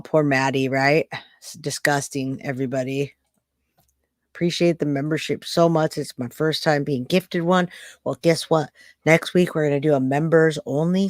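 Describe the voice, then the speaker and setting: A woman hosting a casual livestream chat, blunt and animated, with loud outbursts of disgust and warm thanks to her viewers. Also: low voice, dry recording, studio quality. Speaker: livestream host.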